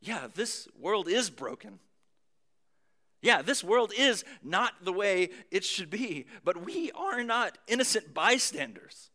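A man preaching a sermon, moving between booming emphasis and hushed near-whispers, with casual conversational asides. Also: sing-song, slow. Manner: conversational asides with light humor. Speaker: pastor.

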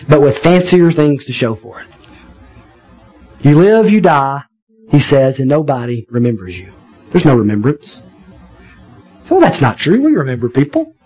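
A man preaching a sermon in a conversational, animated way, with wry asides to the congregation. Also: on the high side, low-quality recording. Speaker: pastor.

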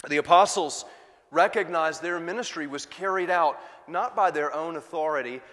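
A man preaching a sermon with emphatic, impassioned delivery, slowing and rising as he dramatizes pleading voices. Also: on the high side, a bit bright. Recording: hall reverb.

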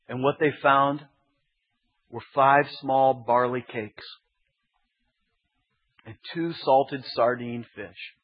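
A man's voice: mid-range voice, steady tone, slow pace, pauses often. A man preaching as a pastor, teaching emphatically with building repetition. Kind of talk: expository sermon. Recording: dull lo-fi sermon recording.

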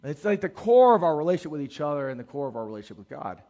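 Brief: middle-aged pastor, man, animated sermon storyteller with a lively, somewhat high voice. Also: rapid-fire. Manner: animated, acts out quoted voices in his stories.

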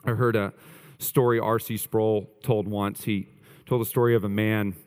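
A man's voice: fairly low pitch, level tone, normal speed, a little mellow, clear, resonant tone, big-room sound. A male pastor preaching a sermon earnestly, stressing points through repetition.

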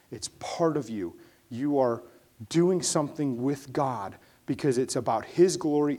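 A man's voice: mid-range voice, a little mellow. A man preaching a sermon in a casual storytelling way, with emphatic bursts on key points. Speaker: pastor. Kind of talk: conversational sermon.

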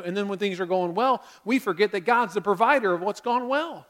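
A man's voice: sits high, fast, hardly any pauses. A man preaching a conversational sermon to his congregation as pastor, often acting out the inner voices of his listeners.

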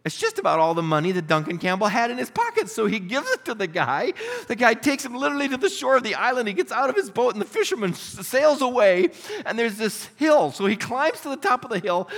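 A man preaching a sermon, telling a story and acting out its characters with lively expression. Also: extremely high pitch, brisk, gravelly. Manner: animated, voices characters in stories. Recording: reverberant hall.

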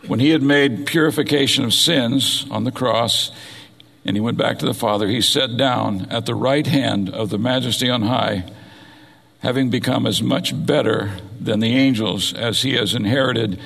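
Man, pastor, sermon, scripture reading and explanation, husky, reverberant hall. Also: medium pitch, moderate pace, a bit bright. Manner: expository preaching, reads scripture aloud and explains it.

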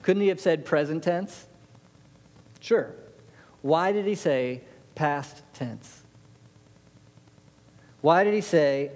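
Male preacher, sermon, animated, rhetorical questions, fairly high voice, long hall reverb. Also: slow, long pauses.

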